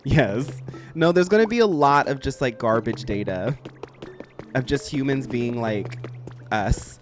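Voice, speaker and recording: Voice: medium pitch, expressive, unhurried. Chatty, giggly streamer over game music. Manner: chatty, giggly, slangy asides. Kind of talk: casual gaming stream chatter.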